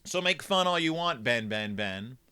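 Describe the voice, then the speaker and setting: Brief: a hundred-year-old mule with bad legs, wallowing in theatrical misery, as a man voices him. Lively pitch. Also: moderate pace, smooth. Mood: self-pitying. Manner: mournful, theatrical complaining. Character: ancient male mule, aching, melodramatic, self-pitying.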